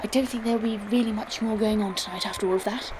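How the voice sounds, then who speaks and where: A woman's voice: medium pitch, fairly even intonation, quick pace, background noise, lightly acted. A woman voicing Esther, a genteel, polite companion who speaks in a prim, hesitant way. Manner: prim, hesitant, well-mannered.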